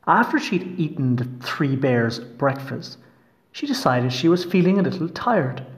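A man reading a fairy tale aloud in an expressive, storytelling manner. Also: fairly high pitch, measured pace.

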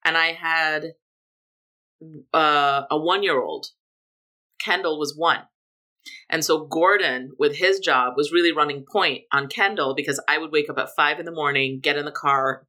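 A middle-aged woman from Jamaica, a guest telling her story in a relaxed interview, with emphatic lifts on key words. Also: sits low. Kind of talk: casual conversational interview.

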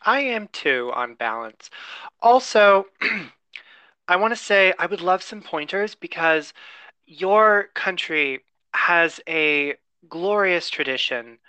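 A man's voice: fairly high pitch, lively intonation, slow pace, pushed and bright, clean tone, dry recording. A man co-hosting a casual chat, explaining the news with fillers and wry asides.

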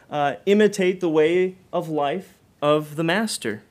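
A preacher man with a fairly high voice delivers a sermon. His delivery swells loud and then drops low and soft. He asks the listeners direct questions. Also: measured pace, few pauses.

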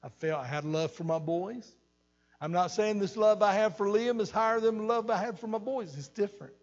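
A man's voice: high voice, brisk, dull audio. An older man pastor preaching an earnest sermon, repeating phrases for emphasis, recorded in a church hall. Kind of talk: sermon teaching. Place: church sanctuary.

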